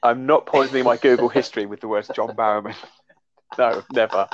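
A man's voice: mid-range voice, fairly even intonation, normal speed, noisy background. A man guesting on a casual geek chat podcast, dry and teasing. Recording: dull lo-fi sound.

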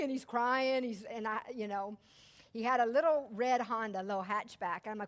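A middle-aged woman with a fairly high voice, telling a personal story to a gathered audience. She is animated and chatty, and laughter slips into her telling. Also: normal speed. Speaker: speaker to a church audience.

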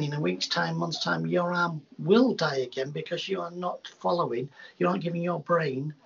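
A man, a hypnotherapist, telling rambling, animated anecdotes in a casual interview, with many restarts. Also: on the high side, gravelly, breathy edge. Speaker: hypnotherapist guest. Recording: dull lo-fi sound.

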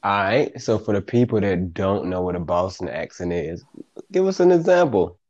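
A man hosting a casual chat, joking and teasing in a slangy, expressive way. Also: sits low, normal speed, no echo, dull audio.

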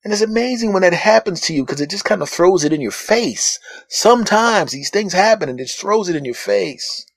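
The podcast host's gravelly voice moves a little fast with few pauses, captured dry on a phone. He tells a comedic story of being judged, animatedly voicing the others in high, mocking tones.

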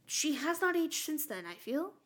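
Bright, giggly woman podcaster. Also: high-pitched, moderate pace. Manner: giggly, rambling and animated. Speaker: podcast co-host. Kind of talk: casual chat.

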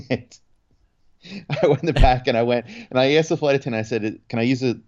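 Animated male podcast co-host, dull recording. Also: medium pitch, a little slow. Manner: animated storytelling, many restarts and 'like'. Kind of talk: casual chat.

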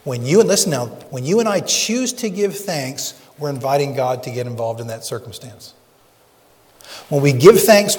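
A man preaching a sermon in an earnest way, slowing down to stress verses of scripture. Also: a little high, darkish tone, in a large hall. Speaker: pastor.

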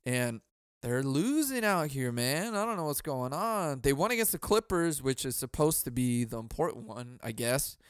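A man hosting his own podcast talks loosely and profanely, laughing often and now and then breaking into loud mock yelling. His voice is smooth and clear at an ordinary pitch, recorded dry and close on a boom mic at home. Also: big pitch swings, moderate pace, dry recording. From Southern California. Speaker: podcast host. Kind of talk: casual solo podcast chat.

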